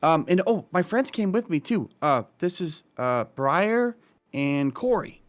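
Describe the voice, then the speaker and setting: A man's voice: a little high, big pitch swings, measured pace, faint music behind. A man voicing a tall, shy Firbolg acolyte who is earnest and eager to make friends, speaking hesitantly.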